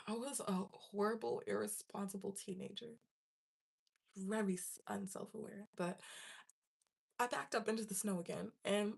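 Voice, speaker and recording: A young woman vlogger with a gravelly, husky, medium-pitched voice casually tells her viewers a story at a slightly slow pace. She's animated, laughs often, and acts out her own panicked past self.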